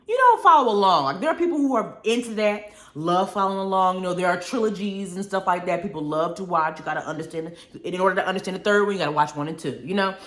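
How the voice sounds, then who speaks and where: Animated woman host in an echoey room. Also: lowish voice. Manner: animated, expressive, laughs often, drawls "honey" and "y'all". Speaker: radio show host. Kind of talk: casual live-stream chat reading viewer comments. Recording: roomy echo.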